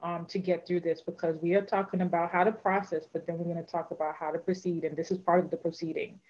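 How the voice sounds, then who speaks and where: A woman coach speaks in a fairly low voice with steady, encouraging advice, driving her points home by repeating phrases. The sound is dull and lo-fi. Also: fast. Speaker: life coach guest. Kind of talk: advice in a live interview.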